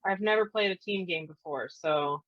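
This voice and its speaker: A woman joining a tabletop role-playing game, tentative and upbeat. Her voice sits on the low side, and the recording is dry and slightly dull and lo-fi. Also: normal speed, no echo. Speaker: player. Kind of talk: casual chat in a tabletop game.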